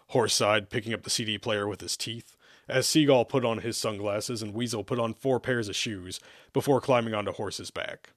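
A man hosting a show and reading an old, absurd amateur story aloud in a deadpan, measured way. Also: lowish voice, dry recording. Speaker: host and story reader. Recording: dry close sound.

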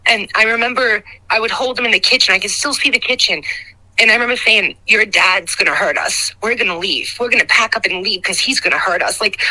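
A middle-aged woman giving a raw, emotional personal testimony as a guest, halting and recounting painful memories. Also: a little high, bright, forceful tone, rough recording.

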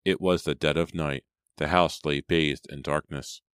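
A man reading a horror story aloud as an audiobook narrator, in a measured storytelling manner. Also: very deep voice, steady tone, fairly bright tone, clear, resonant tone, no room sound, studio quality. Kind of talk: scripted narration.

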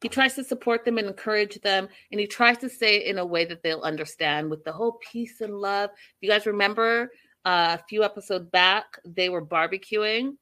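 A woman casually recapping a reality show, telling the story in an animated, opinionated way. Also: medium pitch, normal speed.

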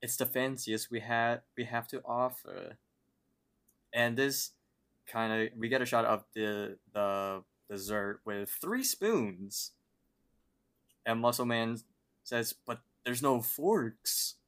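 A man's voice: medium pitch, takes it slowly, pauses often, fairly bright tone. A young man co-hosting a podcast, steadily narrating a cartoon's plot in a casual recap. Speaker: podcast co-host.

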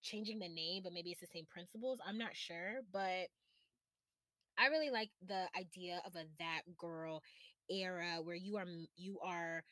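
Young female podcast host, bright voice, dry close sound, chatty and playful, rambles and self-corrects. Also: fairly low pitch, normal speed, dry recording. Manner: chatty, playful, laughs and backtracks a lot. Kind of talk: casual chat.

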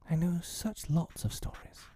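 A man's voice: a little high, expressive, unhurried, warm tone, no room sound, pitched above the performer's own voice, exaggerated voice. A man whispering as an eager young girl. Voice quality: breathy, half-whispered. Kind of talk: whispered role-play.

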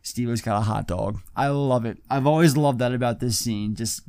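A man's voice: mid-range voice, normal speed, vocal fry, darkish tone, clean tone, no echo, studio quality. A man co-hosting a casual film podcast, loosely retelling scenes with plenty of swearing. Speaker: podcast co-host. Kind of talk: casual film-review chat.

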